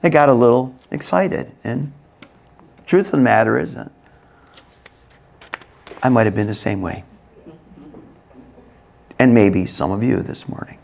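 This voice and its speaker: A middle-aged man preaching a sermon in an expressive way, acting out voices in sudden loud, high bursts. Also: measured pace, creaky, long pauses, slight background noise. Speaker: pastor.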